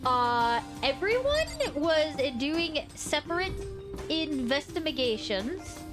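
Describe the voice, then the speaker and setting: Female streamer host, high voice, casual chatter over game music. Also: big pitch swings, takes it slowly. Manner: chatty, greets viewers by name. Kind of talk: casual live-stream chat.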